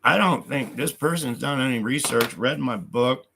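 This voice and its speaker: A man's voice: mid-range voice, normal speed, vocal fry, background noise. A man on a live stream who reads hostile comments aloud and answers them in an angry, profane rant, speaking of God with heavy conviction.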